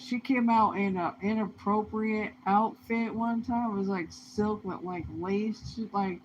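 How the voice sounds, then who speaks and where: Woman venting in a swearing rant, mid-pitched voice, muffled home-recorded sound. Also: fairly even intonation, unhurried, hardly any pauses. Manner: profane, heated, swings between muttering and outbursts. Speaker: vlogger. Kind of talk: angry ranting monologue. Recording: dull lo-fi sound with faint noise.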